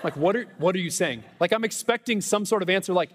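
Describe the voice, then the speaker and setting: A man preaching a conversational Easter sermon as pastor, animated, with self-deprecating humor and quick asides. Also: high-pitched, big-room sound, a little hiss or hum. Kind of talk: Easter sermon with personal stories. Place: church sanctuary.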